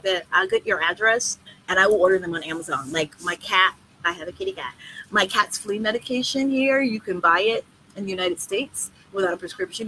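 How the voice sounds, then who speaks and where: Brash woman tour organizer, foul-mouthed and lively, bright voice, faint background noise. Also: on the high side, low-quality recording. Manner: blunt, profane and animated. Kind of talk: casual live video Q&A.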